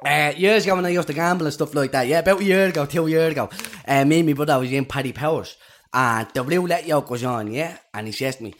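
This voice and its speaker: An Irish podcast co-host with a fairly high voice. He chats casually and tells stories with growing energy, his voice climbing when he gets worked up. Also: quick pace. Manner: animated storytelling, voice rising when excited.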